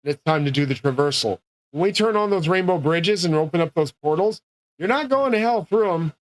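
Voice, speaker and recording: Guy ranting grandiose and cussing, a bit high voiced, dry sound. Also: expressive, a little fast, no room sound. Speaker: streamer. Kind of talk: rambling solo monologue.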